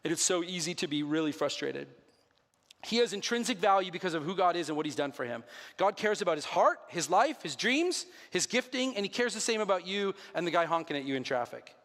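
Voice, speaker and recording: Preaching briskly in a church sanctuary, a thirty-something pastor uses a high, fairly bright voice with big pitch swings. The sermon is earnest and conversational, sprinkled with self-deprecating asides, and the recording carries long hall reverb.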